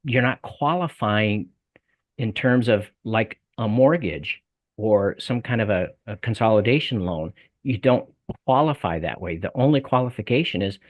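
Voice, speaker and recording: Folksy older man with a Southern accent. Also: fairly low pitch. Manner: folksy, repeats words and restarts. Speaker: guest, debt coaching salesman. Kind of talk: conversational interview.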